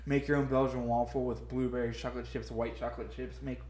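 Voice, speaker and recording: A man's voice: medium pitch, level tone, quick pace, darkish tone, reverberant. A young man telling a story in casual chat, rambling and laughing often. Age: young adult.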